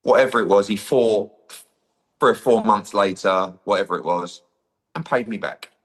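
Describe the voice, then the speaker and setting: A man's voice: lowish voice, normal speed. A middle-aged man, a boxing promoter, telling a story in an interview and acting out the dialogue. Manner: animated, acts out quoted dialogue, says "blah, blah, blah".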